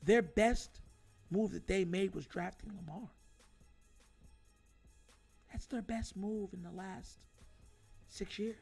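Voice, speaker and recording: Male host, high voice, emphatic and animated sports rant, faint music underneath. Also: slow, gravelly, long pauses, husky. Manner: animated and emphatic, addresses viewers as y'all. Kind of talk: sports opinion monologue.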